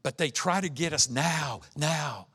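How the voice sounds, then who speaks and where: A man's voice: a little high, animated, unhurried, sharp tone. A man preaching an earnest sermon as pastor, acting out the voices he quotes.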